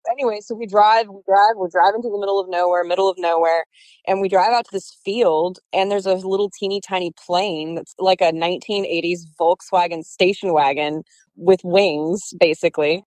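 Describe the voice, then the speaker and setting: A woman's voice: fairly low pitch, fairly even intonation, moderate pace, darkish tone, no room sound, rough recording. A young woman in her twenties telling her story casually, chatty, laughing often and acting out quotes. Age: 20s.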